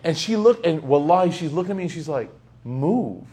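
A young man giving a casual, humorous sermon, telling stories with sudden loud bursts. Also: on the high side, fast talker, slight background noise. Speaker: Islamic speaker.

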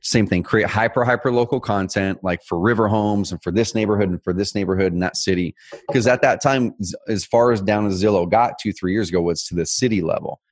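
A man co-hosting a casual business chat, telling stories with lively energy. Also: on the low side, dry recording. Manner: energetic, fast, animated storytelling. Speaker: co-host.

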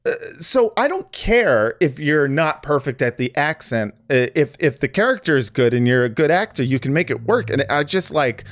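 Male co-host, higher-pitched, animated and opinionated, dry booth sound. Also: no echo. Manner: animated, opinionated, halting restarts. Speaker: podcast co-host. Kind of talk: casual chat.

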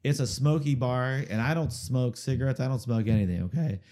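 At a medium pitch and a fairly quick pace, a man with a warm tone tells a meandering story as a singer-songwriter guest. The interview is casual, and he keeps pausing to ask the listener "okay?"

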